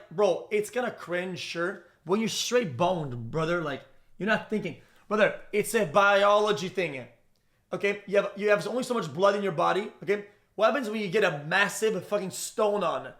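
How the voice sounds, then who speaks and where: A man's voice: high-pitched, fairly bright tone. A young man reacting live on stream, talking in a rambling, profane way with lots of stammers and restarts.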